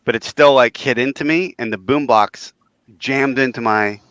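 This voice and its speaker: A man in his forties, a podcast co-host telling a story in lively casual chat and acting out quoted voices. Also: mid-range voice, moderate pace, clear, resonant tone, no echo.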